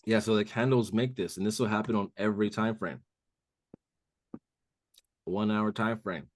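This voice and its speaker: Talking casually and repeatedly saying "bro," a man mentors traders on a live call, walking listeners through a chart. He speaks at a moderate pace with a fairly low pitch.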